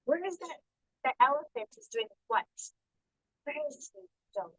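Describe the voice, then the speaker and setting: A woman teacher reading a picture book aloud to young children in a classroom, asking them questions by name and slowing down to sound out the words. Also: extremely high pitch, big pitch swings, bright, forceful tone, no room sound, poor audio. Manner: coaxing, calls on children by name and asks questions.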